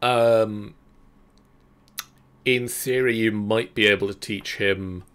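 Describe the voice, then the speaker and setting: A man runs a tabletop game in a dry, laid-back voice. His pitch sits fairly low, and he speaks slowly with small pauses. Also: fairly even intonation, fairly bright tone, clear, resonant tone. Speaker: game master.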